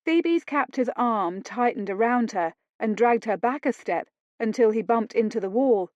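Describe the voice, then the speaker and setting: A woman narrating an audiobook romance in a slow, deliberate reading. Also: fairly high pitch, lively intonation, darkish tone, no echo, dull audio.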